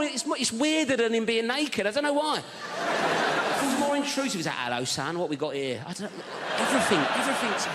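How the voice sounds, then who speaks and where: A man's voice: very high voice, big-room sound, heavy background noise. A man doing a stand-up set, rambling and correcting himself as he tells a story. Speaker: stand-up comedian. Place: large theatre stage. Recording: live theatre, loud crowd ambience.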